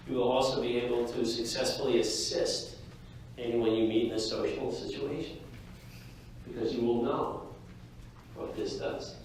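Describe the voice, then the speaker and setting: A male lecturer giving a lively, jokey classroom lecture and talking straight to his students. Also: medium pitch, a little hiss or hum. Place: lecture hall. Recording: echoey hall from far off.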